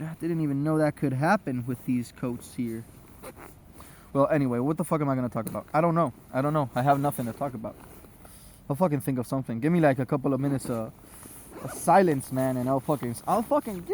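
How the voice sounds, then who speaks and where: A man's voice: on the high side, expressive, moderate pace. Guy vlogging outside on his phone, cussing a lot, just rambling, bit of outdoor noise. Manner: profane, rambling, loose. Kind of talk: casual rambling rant to camera. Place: outdoors at sunset.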